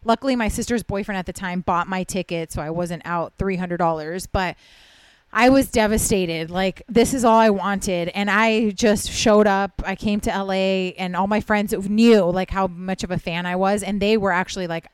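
A woman's voice: mid-range voice, moderate pace, smooth, no echo. A young woman, a comedian, chatting casually on a podcast and telling a story with lots of "like" and big reactions. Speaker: guest comedian.

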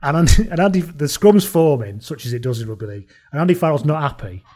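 A man's voice: on the high side, expressive, fast, mellow. A man, a podcast guest, telling stories in casual chat, swearing and laughing.

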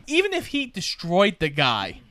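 Relaxed man retelling movie scenes. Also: high-pitched, normal speed. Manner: relaxed storytelling, quotes characters, casual swearing. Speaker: podcast co-host. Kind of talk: casual movie recap chat.

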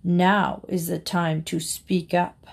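Storybook lion, male, boastful and threatening, growled slowly, read by a woman. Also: fairly low pitch, little pitch movement, creaky, heavily acted. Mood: menacing.

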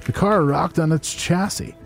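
A man hosting a comedy podcast, reading an erotic letter aloud in a deadpan, mock-solemn way. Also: a little high, normal speed, creaky, soft background music. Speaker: podcast host.

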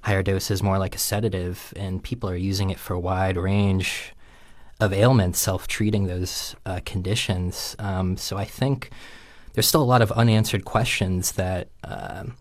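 Low, flat-voiced male health reporter. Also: no echo, clean studio sound. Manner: measured, hedging with fillers. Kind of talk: news panel discussion.

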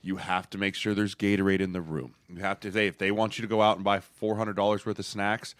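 A man's voice: fairly low pitch, little pitch movement, fast, fairly bright tone, no echo. A man in his thirties, a former football player co-hosting a podcast, talking with energy in a coaching tone and acting out what others said. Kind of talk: casual podcast chat.

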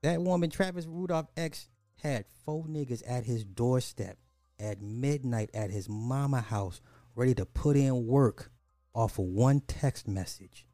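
Dark-voiced exasperated male podcast host. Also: mid-range voice, a little slow, no room sound, faint music behind. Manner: exasperated, repeats phrases for emphasis. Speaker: podcast host reacting to clips. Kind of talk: commentary podcast.

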